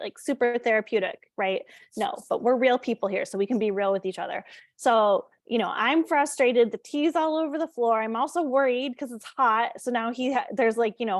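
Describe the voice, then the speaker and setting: A woman's voice: on the high side, no echo, clean studio sound. Woman giving a candid parenting talk. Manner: conversational, candid, frequent fillers and check-ins. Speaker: parenting educator. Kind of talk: informal parenting presentation.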